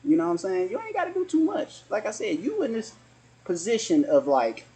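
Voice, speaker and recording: A man around forty in a casual spiritual chat, halting and restarting often, slipping into softly acted quotes. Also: high voice, wildly swooping pitch, breathy edge.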